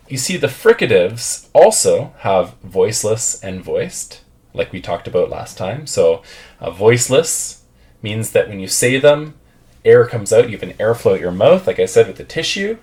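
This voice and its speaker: A man's voice: lowish voice, a little mellow. A man teaching English pronunciation, patiently drilling words and having learners repeat after him.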